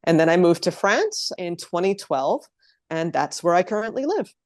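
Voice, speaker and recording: A chatty, lively woman in her thirties from New Jersey, talking as a podcast guest. Her voice sits on the lower side. The sound is close and dry with no room around it. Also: moderate pace, no room sound. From New Jersey, USA. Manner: chatty storyteller, lively and open. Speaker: guest, living-abroad blogger. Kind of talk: casual interview chat.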